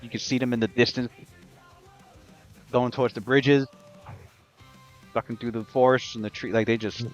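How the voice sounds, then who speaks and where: A man's voice: mid-range voice, steady tone, normal speed, long pauses, lo-fi sound, faint music behind. A man running a tabletop game as game master, narrating the scene and working out damage aloud with many fillers.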